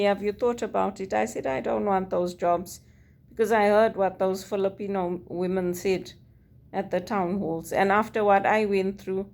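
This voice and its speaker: A woman's voice: medium pitch, a little mellow. A woman from Zimbabwe, speaking in a personal monologue, earnest and weary as she recounts her experiences and quotes others. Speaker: vlogger.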